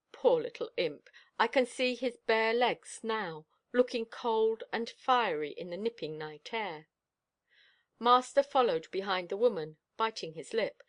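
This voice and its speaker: Woman narrator for a classic novel audiobook, expressive, measured pacing. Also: fairly high pitch. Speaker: audiobook reader.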